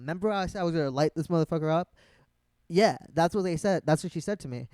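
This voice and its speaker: A man casually telling a long personal story, rambling with lots of fillers and plenty of swearing, growing animated at the peaks. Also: a little high, fast, clear, resonant tone, no room sound. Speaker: vlogger.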